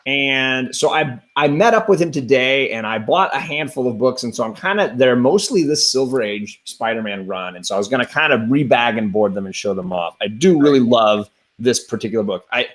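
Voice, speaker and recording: A man's voice: mid-range voice, animated, fairly quick, hardly any pauses, fairly bright tone. Eager, rambling man host. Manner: enthusiastic, rambling, frequent restarts. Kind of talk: casual chat.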